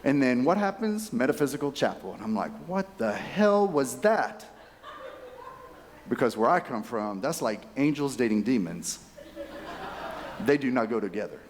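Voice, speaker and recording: A man in his fifties tells a personal story at a conference keynote. His mid-pitched voice is chatty and animated, and he talks straight to the crowd. It rings out with a long reverb through a large hall. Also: brisk, slight background noise. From Texas. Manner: animated, chatty, addresses audience directly. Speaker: keynote speaker.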